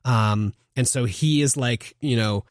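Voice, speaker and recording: A man's voice: medium pitch, a little slow, dry recording, studio quality. A man co-hosting a podcast in casual chat, rambling with lots of filler words and acting out quoted lines. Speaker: podcast co-host.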